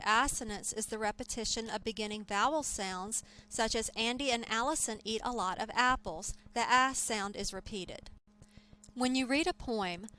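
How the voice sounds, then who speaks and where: Woman giving a measured lecture. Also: a little high, sharp tone, poor audio. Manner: clear, measured explanation. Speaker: teacher. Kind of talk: scripted lecture.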